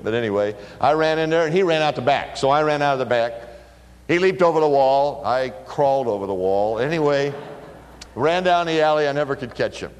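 A middle-aged man preaching a sermon, telling stories with lively bursts of emphasis. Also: mid-range voice. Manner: animated storytelling, bursts of emphasis. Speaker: pastor. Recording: long hall reverb.

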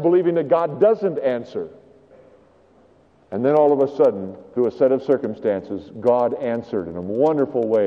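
A man preaching a sermon as pastor, animated, his voice climbing high and then falling to a hush. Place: church. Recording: dull recording with long hall reverb.

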